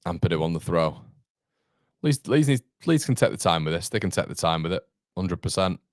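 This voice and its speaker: A man's voice: low voice, fast, no echo, studio quality. A man hosting a fan watchalong, calling the match live play by play and answering viewer chat, with partisan exasperation. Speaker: fan channel host.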